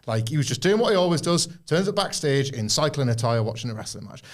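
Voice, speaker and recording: A man's voice: mid-range voice, very animated, fast talker. A man co-hosting a podcast in casual chat, talking loosely with many fillers and acting out quoted lines. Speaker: podcast co-host.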